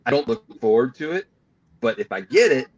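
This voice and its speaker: A man guesting on a podcast, telling personal stories in a lively, confessional way. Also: medium pitch, fairly quick, a little hiss or hum. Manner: animated, confessional storytelling. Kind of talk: casual chat. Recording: dull lo-fi sound.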